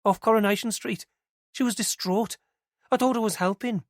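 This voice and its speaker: A woman's voice: mid-range voice, moderate pace, no room sound, studio quality, voice pushed up, natural voice. A man voicing a young woman who works at a nursery, telling what she saw in a chatty, hesitant, rambling way. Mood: eager recounting. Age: young adult. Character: young British nursery worker, eager, nervous.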